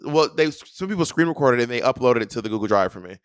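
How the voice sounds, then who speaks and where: A young man co-hosting a podcast, telling a story in a sassy, animated way and acting out what people said. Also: mid-range voice, fast, clear, resonant tone, no echo, clean studio sound. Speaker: podcast co-host. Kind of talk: casual chat.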